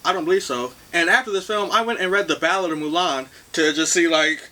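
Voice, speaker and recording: Young guy co-hosting a movie review, bright edgy voice, blunt and dry. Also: on the high side, brisk. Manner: blunt, dry, talks with many "like" fillers. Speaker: movie review podcast co-host. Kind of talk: casual chat.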